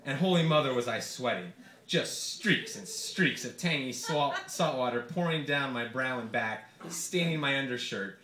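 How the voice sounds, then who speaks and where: A man reading his own comic personal essay aloud to a live audience in a bar, with a vivid, expressive storytelling delivery. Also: medium pitch, normal speed, reverberant. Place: bar hosting a reading series.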